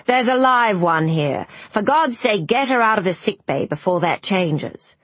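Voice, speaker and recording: A woman's voice: mid-range voice, lively intonation, a little slow, breathy edge, dry recording, pitched above the performer's own voice. A woman voicing a brusque, impatient male ship's doctor who speaks in short, dismissive orders. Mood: curt. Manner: curt, clipped and dismissive.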